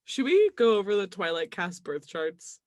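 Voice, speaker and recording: A woman's voice: medium pitch, moderate pace, dry recording. A young woman in easy podcast chat, her voice rising and falling a lot as she acts out lines and laughs. The sound is close and dry, with no room around it. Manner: animated, laughs often, acts out quotes. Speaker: podcast co-host. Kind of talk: casual chat.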